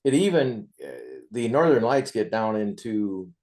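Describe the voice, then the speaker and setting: A man's voice: mid-range voice, expressive, measured pace, darkish tone. A man hosting an interview, chatting in a rambling, enthusiastic way between his questions. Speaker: interview host. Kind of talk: casual interview chat.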